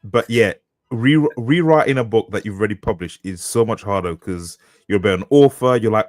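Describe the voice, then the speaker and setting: Male podcast co-host from the UK, 30s, animated swearing storyteller, dry close mic. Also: lowish voice, normal speed, no echo. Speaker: co-host, author. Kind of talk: casual podcast chat.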